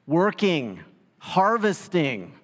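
A man preaching a sermon in an animated way, often acting out the voices of the people he quotes. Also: a little high, extremely slow. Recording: long hall reverb.

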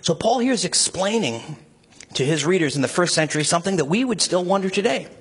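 A man's voice: lively intonation, fast, husky. A man preaching a sermon as a pastor, speaking with passion and rising emphasis. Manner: impassioned, rising to emphatic high pitch when stirred.

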